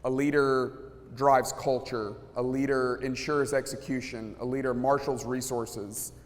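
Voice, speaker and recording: A pastor speaking casually to a live audience, telling stories and acting out what people said, with many restarts. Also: male voice, mid-range voice, fairly even intonation, a little slow, a little hiss or hum. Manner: storytelling, acts out quotes, many restarts. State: sweating, feels hot. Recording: long hall reverb.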